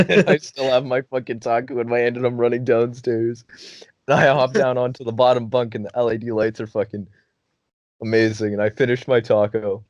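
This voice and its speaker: A man's voice: medium pitch, brisk, no echo, highs cut off. A young man hosting a podcast, telling a funny story casually, cursing often and laughing as he goes. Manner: laughing, profane, animated storytelling. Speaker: podcast host.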